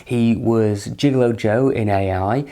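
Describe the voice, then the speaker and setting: A man's voice: on the low side, a little slow, warm tone. A man hosting a casual film review from his living room, with dry, sarcastic humour.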